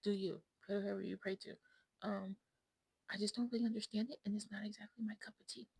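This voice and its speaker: A woman's voice: medium pitch, fairly even intonation, quick pace, creaky, a little mellow, husky, no echo, rough recording. A woman vlogging in a casual, rambling chat to her viewers. She talks bluntly and often drops to a whisper.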